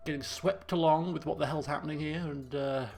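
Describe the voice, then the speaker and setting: With faint guitar music in the background and a little hiss or hum, a man gives live commentary on a video game he's streaming. His voice is a little high, steady, brisk and somewhat mellow, and he's chatty and self-mocking, often laughing and restarting.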